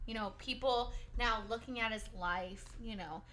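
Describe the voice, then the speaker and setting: Bright high-voiced young woman. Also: moderate pace, a little hiss or hum. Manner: giggly, profane storytelling. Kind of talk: casual chat.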